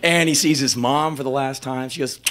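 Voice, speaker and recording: A man in his fifties telling a profane, animated story as a spoken word performer, breaking into loud shouts. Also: mid-range voice, normal speed. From United States. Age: 50s.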